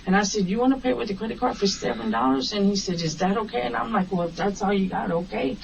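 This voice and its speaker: A woman's voice: mid-range voice, quick pace, vocal fry. Woman cab driver telling a story, far off. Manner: animated storyteller acting out quoted dialogue. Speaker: taxi driver. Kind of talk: recounting an incident in an interview. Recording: distant, muffled recording with faint hiss.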